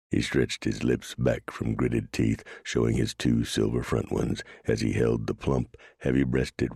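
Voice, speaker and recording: A man narrates a western audiobook with a steady, measured delivery. His voice is extremely deep and gravelly, with a husky, dry close sound. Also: no echo. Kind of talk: scripted narration.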